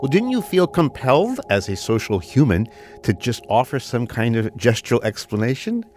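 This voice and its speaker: A man's voice: mid-range voice, very animated, moderate pace, a little mellow. A man co-hosting a radio interview, asking playful, probing questions. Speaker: co-host.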